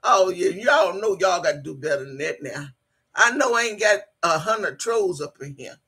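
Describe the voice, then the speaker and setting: A woman in her late sixties chats through a casual live stream, reading comments and teasing her viewers. Her voice is husky and bright, and she laughs loudly and swears freely as she talks. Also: on the low side, lively intonation, moderate pace. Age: 60s. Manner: chatty, colloquial, swears freely. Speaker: livestream host reading chat.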